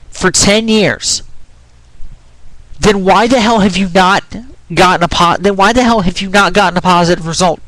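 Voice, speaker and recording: A man's voice: high voice, fairly bright tone, no echo, rough recording. A young man ranting in a frustrated, rambling way, restarting his sentences and swearing, his voice sometimes cracking. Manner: swears while arguing. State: voice cracks when pitch rises. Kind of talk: ranting opinion vlog.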